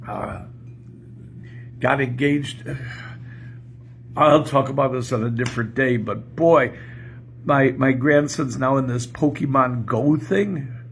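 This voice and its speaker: Speaking slowly with frequent pauses, this older pastor and podcast host has a mid-range voice and a slight hum of background noise. He's on his home porch doing a casual morning show, rambling along with chuckles as he tells jokes.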